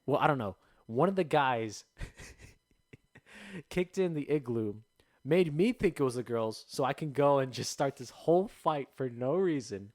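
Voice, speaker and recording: A young man hosting a podcast, telling stories in an animated way with laughter. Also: mid-range voice, a little slow. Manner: animated, laughing, acts out voices. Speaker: podcast host. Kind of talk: casual storytelling chat.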